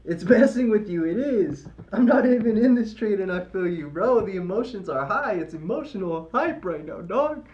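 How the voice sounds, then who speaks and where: A man's voice: high-pitched, expressive, normal speed, hardly any pauses, darkish tone, reverberant, muffled recording. A young man live-streaming his trading, hyped and slangy, cheering the chart on and sweet-talking it like a lover.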